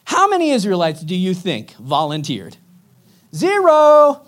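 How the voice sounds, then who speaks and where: A man preaching in a lively storytelling way, energetic and slangy. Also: sits high, unhurried.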